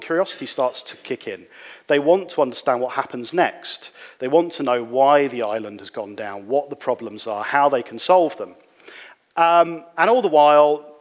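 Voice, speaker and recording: A man giving a relaxed, conversational conference talk, with frequent fillers and restarts. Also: mid-range voice. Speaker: conference speaker. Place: conference hall. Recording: reverberant hall.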